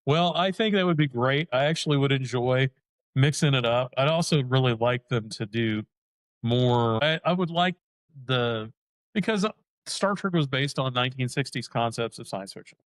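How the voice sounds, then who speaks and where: A man co-hosting a casual podcast chat, rambling and animated, acting out little quoted voices as he talks. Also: mid-range voice, normal speed, dry recording, low-quality recording. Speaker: podcast co-host.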